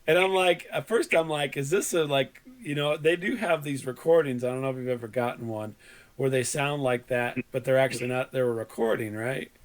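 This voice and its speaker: A man with a cold-roughened, hoarse voice chatting casually as a podcast host. He rambles through a long story at a mid pitch and often breaks into laughter. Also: fairly quick. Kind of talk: casual chat.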